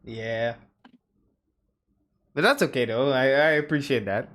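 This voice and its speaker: Male host, English not his first language, easygoing slang, mid pitch. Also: unhurried, fairly bright tone. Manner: laid-back, slangy, says yo and damn. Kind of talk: casual chat.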